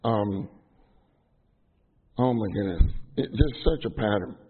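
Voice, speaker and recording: A man's voice: on the low side, slow, husky. A middle-aged man preaching to trainees in a chatty, self-deprecating way, full of fillers and restarts. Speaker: minister teaching trainees. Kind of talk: casual sermon to a live audience. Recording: tinny phone-like sound.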